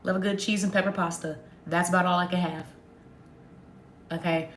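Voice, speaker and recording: A young woman chatting casually to viewers on a livestream, sarcastic and quick to laugh. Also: fairly low pitch, steady tone, a bit bright, reverberant, a little hiss or hum. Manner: sarcastic, laughs often, talks straight to viewers. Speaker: livestream host.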